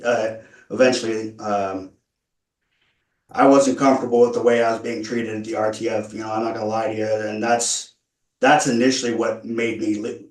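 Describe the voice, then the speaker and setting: A man speaking at a parole hearing, earnest and halting, stumbling through many restarts as he explains himself. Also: medium pitch. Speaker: parole applicant. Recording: echoey room, far from mic.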